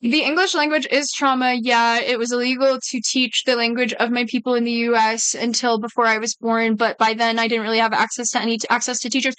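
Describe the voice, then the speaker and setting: A woman's voice: fairly high pitch, level tone, brisk, few pauses, fairly bright tone, clear, resonant tone, no room sound, poor audio. A woman streamer chatting casually with her viewers, rambling, swearing freely and often breaking off mid-sentence. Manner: rambling, profane, self-interrupting. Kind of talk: casual livestream chat with viewers.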